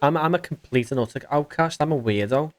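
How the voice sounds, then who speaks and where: A man livestreaming a game, with a slightly higher-pitched voice. He chats bluntly and casually, swearing freely and chuckling as he answers his viewers. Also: a little fast. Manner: blunt, swearing, reads chat aloud, chuckles often. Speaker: streamer. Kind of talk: casual livestream chat while gaming.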